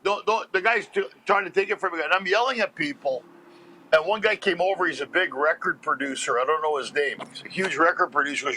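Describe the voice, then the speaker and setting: A comedian from Montreal tells stories as an interview guest, animated and quick to laugh. His voice is high and bright, pushing through each anecdote. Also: slight background noise, poor audio. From Montreal, Canada. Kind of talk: storytelling interview chat.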